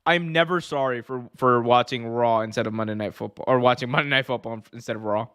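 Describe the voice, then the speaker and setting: A man's voice: medium pitch, fast talker, a bit bright, clear, resonant tone, no room sound, clean studio sound. A man co-hosting a casual live-streamed chat, rambling with lots of restarts and laughter while he reads out the chat. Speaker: podcast co-host.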